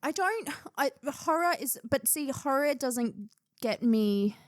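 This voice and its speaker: A woman's voice: high-pitched, expressive, slow pace, no room sound. Twenty-something woman on a podcast, swears a lot, laughs a ton, dry close sound. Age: 20s. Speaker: podcast co-host. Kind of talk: casual chat.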